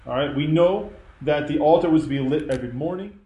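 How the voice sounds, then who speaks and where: A man's voice: fairly high pitch, fast talker, mellow, echoey room, muffled recording. A man preaching a sermon, earnest and emphatic in a conversational way. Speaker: pastor. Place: church.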